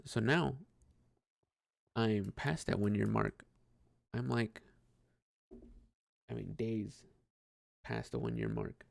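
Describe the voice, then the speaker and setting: A man's voice: fairly low pitch, wildly swooping pitch, slow, gravelly, long pauses, dry recording. A man talking through a casual personal monologue, hesitant and rambling, with frequent restarts and swearing. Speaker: vlogger.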